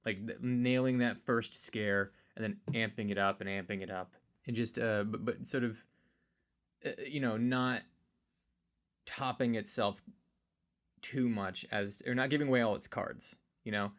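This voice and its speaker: A man's voice: lowish voice, fairly even intonation, unhurried, a bit bright. A man co-hosting a podcast in casual chat, rambling and searching for words as he talks through his thoughts. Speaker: podcast co-host.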